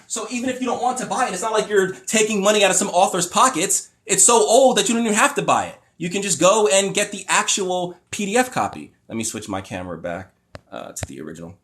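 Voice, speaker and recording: Male livestream host with a highish voice, exasperated and sarcastic, ranting commentary, swears freely, phone or webcam mic. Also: fairly bright tone.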